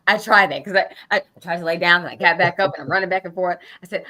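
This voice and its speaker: Middle-aged woman guest, bright and lively storyteller, plays every line of her inner dialogue. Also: on the low side, quick pace, few pauses. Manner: animated, acts out her own quoted thoughts. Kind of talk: casual anecdote telling.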